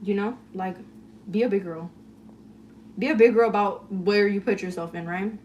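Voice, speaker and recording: A woman's voice: mid-range voice, moderate pace, darkish tone, far from the mic, slight background noise. A woman chatting casually on a phone livestream, rambling through a story full of "like" and swearing while baking in her kitchen. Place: home kitchen, baking cookies.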